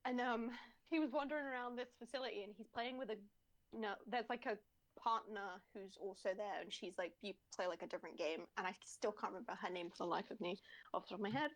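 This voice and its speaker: A woman's voice: mid-range voice, fast. A woman in casual chat as a tabletop game player, rambling, swearing and laughing often.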